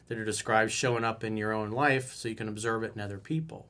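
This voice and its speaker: A man's voice: medium pitch, fairly quick, few pauses, a bit bright. A man hosting his own coaching video, talking casually and with emphasis as he answers a viewer's email about dating. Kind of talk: solo coaching talk.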